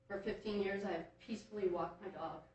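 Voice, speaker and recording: A woman's voice: medium pitch, fairly even intonation, brisk, a little mellow. A woman giving public comment at a hearing, recounting her complaints in an aggrieved way, with many ums. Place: large echoey meeting room. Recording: echoey room from a distance.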